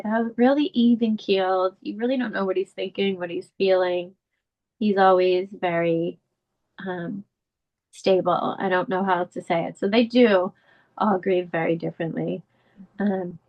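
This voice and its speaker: With highs cut off from the audio, a woman's steady voice moves a little slowly. The middle-aged interview guest, a bereaved mother and advocate, recounts a painful family story earnestly and candidly, her pitch rising with emotion.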